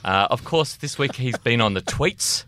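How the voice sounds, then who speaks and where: A man hosting a casual motoring podcast, chatty and quick to laugh. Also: medium pitch, lively intonation, pushed and bright. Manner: chatty, laughs often, reads tweets aloud. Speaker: podcast host.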